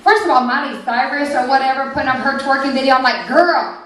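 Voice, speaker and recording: A woman's voice: sits high, fast talker, a bit bright. A woman voicing a brash, sassy character who brags about her backside, in a slangy, boastful manner. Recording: echoey club from far off. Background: audience laughter.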